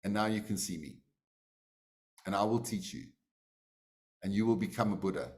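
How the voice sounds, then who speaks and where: A serene angelic teacher spirit, speaking calmly and plainly in a fairly low voice, as a man puts him on while telling the tale. He sounds unhurried and sure, a storybook spirit explaining what has happened. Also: natural voice.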